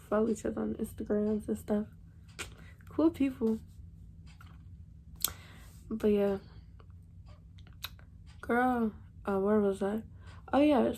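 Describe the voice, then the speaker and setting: A woman's voice: a little high, gravelly, mellow, slight background noise. A young woman, telling a storytime vlog to her viewers in a slangy, chatty way. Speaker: vlogger.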